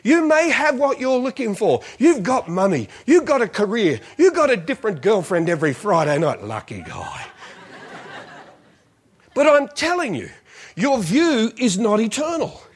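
A man's voice: very high voice, moderate pace, slightly rough. A man, a visiting preacher telling funny stories in a sermon. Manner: animated, jokey storytelling. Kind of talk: storytelling sermon. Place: church.

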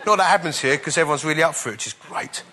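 A man preaching, telling a personal testimony in an animated way and chuckling at the funny parts. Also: on the high side, very fast, some chatter behind. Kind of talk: storytelling sermon.

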